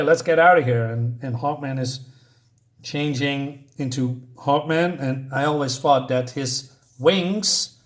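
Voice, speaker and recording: A man casually reviewing a comic book, sarcastic and exasperated, rambling with many fillers and reading dialogue aloud. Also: on the high side. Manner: reads dialogue aloud in quick snatches.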